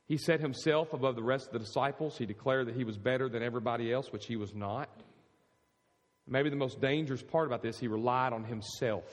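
A man's voice: mid-range voice, fast talker. A male pastor preaches in a mid-range voice, storytelling and asking the room questions. His voice rings with a long hall reverb. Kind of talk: sermon.

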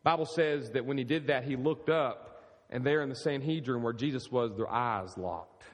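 A man's voice: mid-range voice, moderate pace, in a large hall, highs cut off. A man preaching a sermon, telling the story vividly and firing rhetorical questions at his congregation. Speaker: pastor.

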